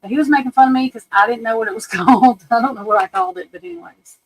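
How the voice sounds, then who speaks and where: Woman host, casual livestream chat, higher voice, rambling and self-mocking. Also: expressive, very fast, rough recording. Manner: chatty, self-deprecating, talks to viewers and her computer.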